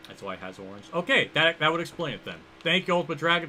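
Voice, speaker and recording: Young man, livestream gameplay commentary, rambling, thinking aloud, bright edgy tone. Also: fairly high pitch, sing-song, fast talker, slight background noise. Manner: rambling, thinks aloud, reacts loudly to the race. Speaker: livestreamer playing a racing game.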